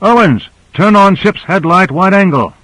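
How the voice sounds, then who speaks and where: A man voicing a brisk male crew member giving orders, in an audiobook character voice. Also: on the high side, expressive, no room sound, pitched above the performer's own voice, low-quality recording. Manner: brisk, commanding.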